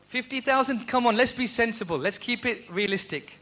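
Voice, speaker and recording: Male guest speaker, higher pitch, bright forceful tone, energetic lecture style that quizzes the crowd. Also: a little fast, few pauses. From United Kingdom. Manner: energetic, quizzes and teases the audience. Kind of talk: lively lecture to a university audience.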